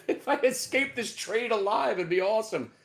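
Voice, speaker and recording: A man hosting a live market show, ranting brashly about his trades with sudden shouted outbursts. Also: high-pitched, normal speed, creaky, noisy background. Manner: excitable, loud bursts of shouting, brash. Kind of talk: live trading rant.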